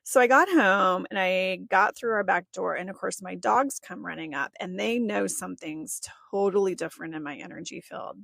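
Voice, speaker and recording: A woman recounts a personal experience as a podcast host, chatty and quick to laugh. Her voice has a gravelly fry to it. The sound is dry, with no room echo. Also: mid-range voice, a bit bright. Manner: chatty, often laughs and acts out quotes. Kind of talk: personal storytelling monologue.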